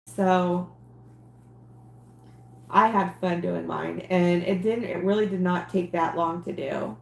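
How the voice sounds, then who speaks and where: A woman's voice: on the low side, fairly even intonation, takes it slowly, creaky, echoey room. A woman hosting a casual crafting livestream, rambling and talking to herself as she works, with plenty of fillers. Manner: rambling, talks to herself while working, many fillers.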